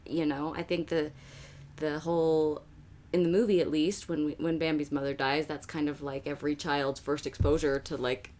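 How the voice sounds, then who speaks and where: A woman's voice: sits low, little pitch movement, moderate pace, a little mellow. A woman chatting casually in a book discussion, reflective and full of fillers, often laughing. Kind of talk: casual chat.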